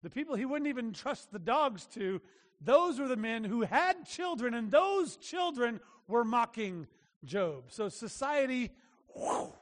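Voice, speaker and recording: A man preaching a sermon as a pastor, earnest and emphatic, often restarting his phrases. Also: sits high. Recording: long reverb of a large hall.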